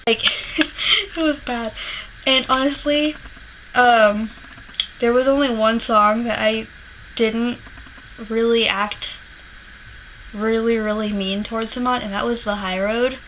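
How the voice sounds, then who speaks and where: A woman's voice: fairly high pitch, steady tone, slow pace, long pauses, a bit bright, slight background noise, low-quality recording. A woman vlogger animatedly retelling a personal story to camera, swearing freely and laughing as she goes, emotional while she remembers it.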